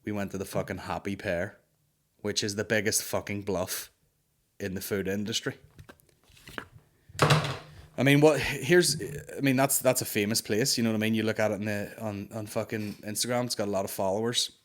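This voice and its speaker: A man's voice: lowish voice, fairly even intonation, moderate pace, fairly bright tone. A man hosting a comedy podcast, telling a story in an exasperated, sweary ranting way. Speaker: podcast host. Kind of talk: comic storytelling rant.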